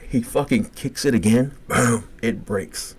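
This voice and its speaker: A middle-aged man with a Cajun accent, co-hosting a podcast and telling a long story in a casual, profane, animated way, acting out the quotes. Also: deep voice, a little fast. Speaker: podcast co-host.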